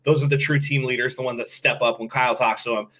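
A man talking football on a podcast in a bright, forward voice. He chats casually and keeps slipping into little acted-out quotes in other voices. His pitch sits in the middle for a man. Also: steady tone, fast talker. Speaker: podcast co-host. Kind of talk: casual sports chat.

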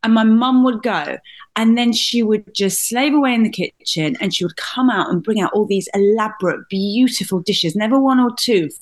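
A middle-aged woman from Britain, a comedian, telling personal stories in an animated, laughing way. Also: fairly high pitch, moderate pace. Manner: animated, laughing, swears mildly. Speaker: guest comedian and author. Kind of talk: candid storytelling in conversation.

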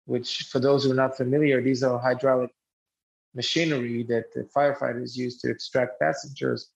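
A man's voice: medium pitch, flat delivery, brisk, gravelly, slightly rough. A man telling a personal story in an earnest, reflective way, often restarting his sentences. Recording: muffled lo-fi recording.

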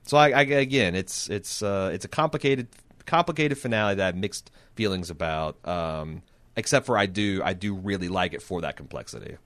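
A man's voice: deep voice, animated, brisk, fairly bright tone, no echo. A man hosting a TV recap podcast, chatting casually in a rambling way with restarts. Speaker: podcast host.

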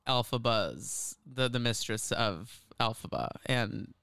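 A man with a medium-pitched voice speaks at a slow pace in a clean studio recording with no room sound. Co-hosting a podcast, he tells a story in casual chat, animated and giggly, breaking into laughter often.

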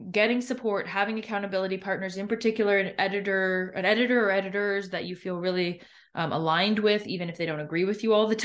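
A woman hosting a podcast, talking candidly and chattily about her own experience, with frequent fillers and restarts. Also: medium pitch. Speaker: podcast host and new author. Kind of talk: candid reflective monologue.

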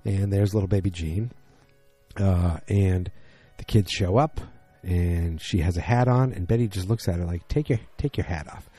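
A man's voice: sits low, moderate pace, warm tone, faint music behind. A tired man recapping a TV episode late at night in a casual, rambling way, full of fillers and restarts.

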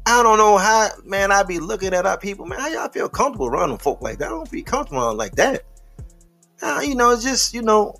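A man's voice: high voice, sing-song, quick pace, fairly bright tone. Man, podcast host, preachy commentary, rhetorical questions, faint background music. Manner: preachy, rhetorical questions, addresses listeners as beloved. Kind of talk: casual commentary.

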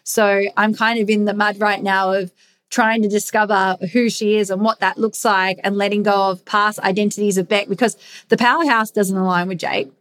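A woman's voice: mid-range voice, steady tone, normal speed, fairly bright tone. A woman hosting a candid solo podcast, speaking earnestly and emphatically, repeating her key phrases and swearing casually. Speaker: podcast host.

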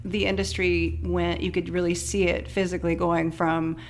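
A woman's voice: lowish voice, flat delivery, normal speed, slight background noise. A woman hosting a podcast, asking questions and introducing guests, with frequent encouraging replies. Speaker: podcast host.

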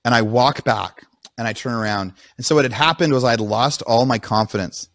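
Man, podcast host, casual rambling storytelling, mid pitch, dry close mic. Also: brisk, fairly bright tone, no echo. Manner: rambling, frequent restarts.

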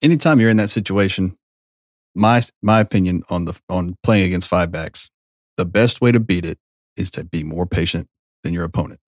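A man's voice: deep voice, moderate pace, dry recording, studio quality. A man co-hosting a casual podcast, talking emphatically and giving advice with some swearing. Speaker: podcast co-host. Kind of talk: casual chat.

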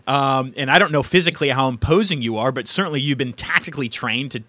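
A man hosting an interview, asking rambling, animated questions full of fillers. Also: medium pitch, fast, dry recording. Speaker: host. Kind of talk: casual interview chat.

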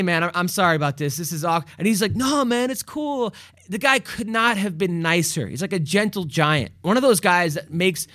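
A man with a rather high voice talks through a loose comedic monologue. He rambles, jokes and often restarts his sentences. The sound is dry, with no room echo. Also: bright, forceful tone. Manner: rambling, joking, frequent restarts.

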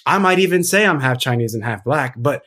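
A man's voice: medium pitch, lively intonation, a little fast, fairly bright tone. Earnest man with emphatic delivery. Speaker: podcast guest. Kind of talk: casual conversation.

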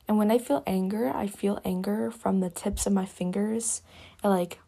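A young woman hosting a reflective solo talk from her cabin, speaking softly and haltingly, often dropping to a whisper. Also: mid-range voice, steady tone, creaky. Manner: soft-spoken, halting, often drops to a whisper. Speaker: podcast host.

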